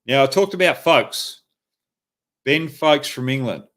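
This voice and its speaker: A man's voice: mid-range voice, lively intonation, a little slow, a bit bright. A middle-aged Australian man hosting a live show, giving emphatic, coaching-style analysis with frequent fillers. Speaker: host.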